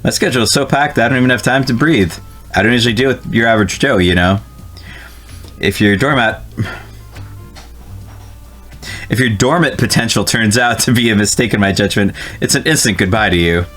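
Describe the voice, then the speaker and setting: A man's voice: mid-range voice, fast, fairly bright tone, faint music behind, close to an everyday voice. A man voicing a smug, shady middle-aged businessman as he reads game dialogue aloud.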